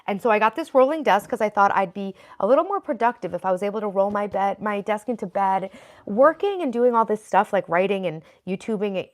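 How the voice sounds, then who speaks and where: Woman in her 30s chatting on a live stream at home, earnest, thanks everyone by name. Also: mid-range voice. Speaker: live streamer reading chat. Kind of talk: casual live-stream chat. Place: home bedroom office. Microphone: computer at her desk.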